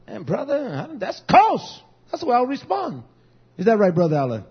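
A man preaching as pastor, telling stories and quoting himself in an animated way. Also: high-pitched, normal speed, husky, highs cut off. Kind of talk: sermon.

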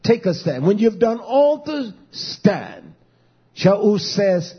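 Male preacher, high swooping voice, slow deliberate delivery, husky tone, dull lo-fi recording. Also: sing-song. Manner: emphatic preaching with repetitions and Hebrew terms. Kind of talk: sermon.

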